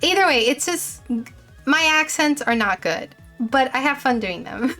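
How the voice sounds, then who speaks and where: A woman's voice: high voice, animated, unhurried, pushed and bright, faint music behind. A young woman streamer chatting casually while playing, rambling with frequent fillers and restarts. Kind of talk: casual gameplay commentary and game dialogue read-aloud.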